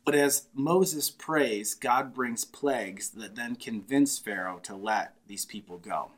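A man's voice: medium pitch, slow pace. A man preaching a sermon, retelling a scripture story with vivid, dramatic voices for the people in it. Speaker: pastor.

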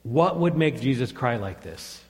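A man's voice: medium pitch, lively intonation, a little slow, darkish tone. A man in his fifties, a pastor, reading scripture and then preaching in a plain, conversational way. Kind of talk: sermon. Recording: long reverb of a church hall.

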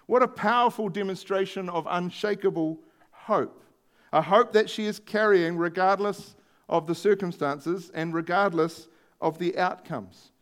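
A man's voice: high-pitched, unhurried, a bit bright. A male preacher giving a sermon, retelling a story in a conversational way and stressing key words.

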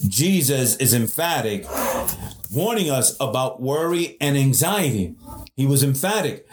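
A male pastor preaching a sermon with emphatic delivery, slowing down and speeding up, often repeating and restarting words. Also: medium pitch, reverberant, a little hiss or hum.

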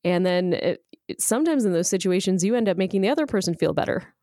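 A woman's voice: fairly low pitch, expressive, quick pace, mellow, no echo, studio quality. A woman host who talks expressively and laughs often while demonstrating role-plays in a conversation.

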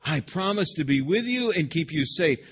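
A man voicing a stern, fatherly divine figure in a slow, emphatic parental tone. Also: fairly high pitch, lively intonation, breathy edge, highs cut off, voice pushed up.

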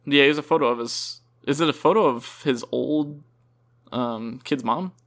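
A man's voice: mid-range voice, moderate pace, fairly bright tone. A young man co-hosting a casual gaming chat, rambling, correcting himself mid-sentence and laughing often. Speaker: podcast co-host.

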